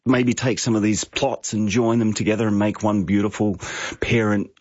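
A man's voice: fairly low pitch, fairly even intonation, normal speed, darkish tone, dry recording. A man co-hosting talkback radio, mock-dramatic and theatrical. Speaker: radio co-host. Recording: dull dry studio mic.

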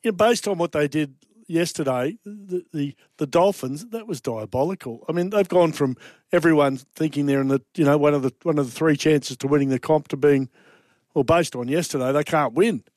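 A man's voice: fairly high pitch, brisk, a little mellow, no room sound. An Australian man co-hosting a sports radio show, giving blunt opinions on the footy teams. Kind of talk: casual sports radio banter.

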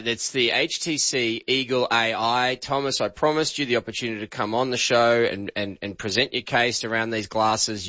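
A man's voice: mid-range voice, bright, forceful tone, no room sound, dull audio. A man hosting a talk radio show, chatty and telling stories animatedly. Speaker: radio host. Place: radio studio.

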